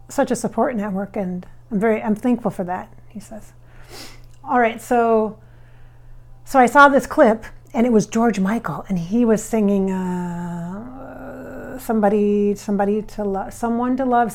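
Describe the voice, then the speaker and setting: A woman's voice: medium pitch, a little slow, creaky. Chatty woman medium rambling aloud. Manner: chatty, rambling, self-correcting, laughs often. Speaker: psychic medium. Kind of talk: channeling session monologue.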